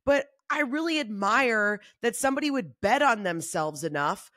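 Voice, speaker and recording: A woman comedian talking in a casual solo monologue, animated and swearing freely, acting out other people's voices. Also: moderate pace, dry recording, clean studio sound. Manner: acts out quoted voices in shifting pitch. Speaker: comedian and podcast host.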